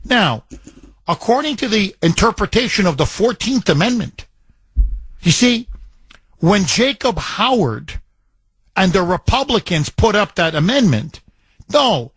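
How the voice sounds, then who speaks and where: Fiery talk radio host, man, high-pitched delivery, dry close studio sound. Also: big pitch swings, measured pace, long pauses, a bit bright, breathy edge, no echo. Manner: ranting, indignant, emphatic. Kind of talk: political talk radio monologue.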